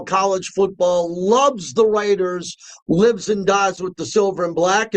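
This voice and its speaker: Male sports radio host, effusive and bright, high register. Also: low-quality recording. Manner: upbeat, effusive introductions. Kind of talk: talk radio hosting.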